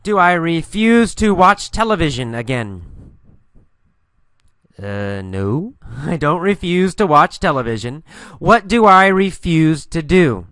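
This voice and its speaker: A man teaching an English listening lesson, slowly and patiently asking questions and answering them himself, repeating the key phrases. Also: on the high side, big pitch swings, a bit bright, no echo.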